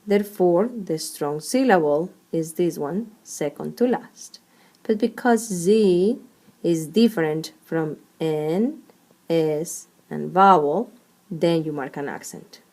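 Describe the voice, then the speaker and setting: A woman's voice: lowish voice, expressive, takes it slowly, darkish tone. A woman teaching a language lesson, explaining rules step by step and sounding out syllables one at a time. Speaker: Spanish teacher.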